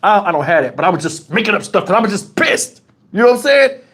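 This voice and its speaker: A man's voice: high voice, fast talker, husky. A man hosting a livestream, telling a story in casual, profane chat and acting out the dialogue as he goes. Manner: animated, profane, acts out quoted dialogue. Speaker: livestream host. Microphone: wireless lavalier.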